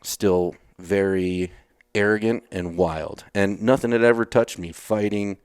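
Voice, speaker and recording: Unhurried and smooth, this man's voice is on the low side with fairly even intonation, recorded at studio quality with no room sound. He's a retired Navy SEAL from Texas, a podcast guest telling blunt, casual stories, swearing casually and acting out his old lines.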